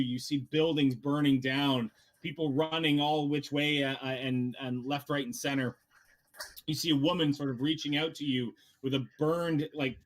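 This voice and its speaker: A man's voice: on the high side, a bit bright. A man narrating as dungeon master in a casual tabletop game session, with many fillers and restarts.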